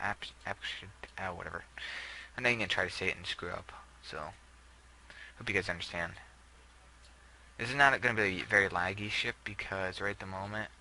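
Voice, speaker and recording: A man's voice: low-pitched, bright, forceful tone, slight background noise, low-quality recording. A young man giving casual, rambling gameplay commentary, often trailing off and putting himself down. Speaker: gameplay video host.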